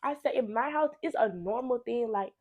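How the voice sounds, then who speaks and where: A young woman with a high, bright voice tells a storytime to her camera in a blunt, animated way. She swears freely and hammers her points home by repeating herself. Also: normal speed. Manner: animated, blunt and heavily profane, with laughing asides; repeats phrases for emphasis. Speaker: storytime vlogger. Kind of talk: casual storytime monologue.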